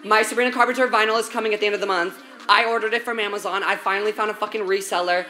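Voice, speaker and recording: A woman's voice: medium pitch, steady tone, very fast, pushed and bright. A woman live-streaming as she cooks, chatting casually and sassily with viewers, swearing a lot and calling them baby and girl. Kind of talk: casual live-stream chat while cooking. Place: home kitchen. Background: faint music.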